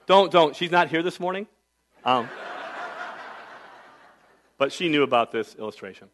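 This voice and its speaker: A middle-aged male pastor preaching a sermon, telling a personal story in a conversational way, with big swings from soft to loud. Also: fairly high pitch, lively intonation, moderate pace, slight background noise.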